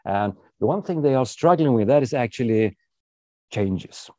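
A man's voice: medium pitch, animated, moderate pace, warm tone, dry recording. A man, an author and public speaker, talking as a guest in an interview and playfully acting out personality types as he explains them. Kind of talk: interview conversation.

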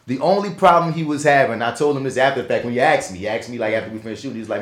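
A man with a thick New Orleans accent talks casually on a podcast, telling stories with loose slang and plenty of swearing. His voice sits at a middle pitch and bounces off the walls of a roomy, echoey space. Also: rapid-fire, few pauses. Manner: animated storyteller, swearing, slangy. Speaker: podcast co-host. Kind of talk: casual chat.

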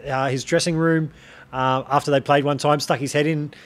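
A man who hosts a podcast and makes guitar demos, telling anecdotes in a relaxed, casual way. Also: fairly high pitch, moderate pace. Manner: relaxed storyteller, tells anecdotes. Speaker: podcast host and guitar demo maker.

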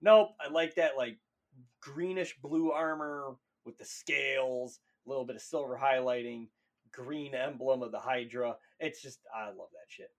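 A man's voice: medium pitch, measured pace. A man co-hosting a podcast in casual chat, rambling and profane, laughing often. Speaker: podcast co-host.

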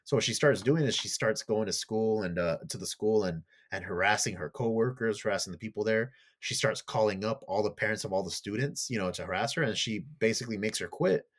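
Speaking fairly quickly with few pauses, a man with a lowish voice co-hosts a casual podcast. He goes over a TV storyline with animation and rambles, dropping lots of fillers and casual swear words.

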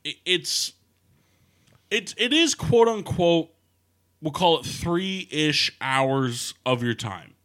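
A man hosting a casual podcast chat with a bright, sharp voice that swings widely in pitch. He is crude and joking and keeps steering the conversation. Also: lively intonation, slow. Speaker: podcast host. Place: studio.

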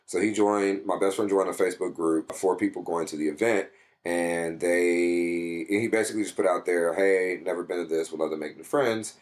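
A young man in a casual interview, telling a personal story and jumping way up in pitch when he quotes himself. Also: moderate pace. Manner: animated, swings his pitch way up when quoting himself. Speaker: guest.

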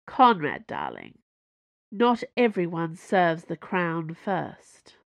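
Woman voicing a scornful businesswoman, sharp, mocking, audiobook, dry close sound. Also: mid-range voice, lively intonation, normal speed, no room sound, voice pushed up. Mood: cold. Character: sharp-tongued woman workshop owner, scornful.

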